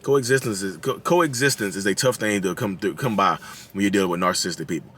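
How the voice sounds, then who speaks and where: A deep, fast, fairly bright voice belongs to a thirty-something man with a Southern drawl who hosts his own channel. In casual talking-head commentary he raises his voice to act out quotes and laughs at his own jokes.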